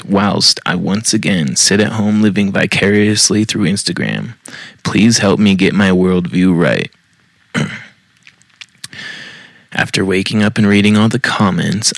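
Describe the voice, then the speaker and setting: Low gravelly guy reading a post out loud, cusses a lot, dry close sound. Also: moderate pace, no room sound. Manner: blunt and profane, mocking asides. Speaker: podcast host. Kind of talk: reading a post aloud with commentary.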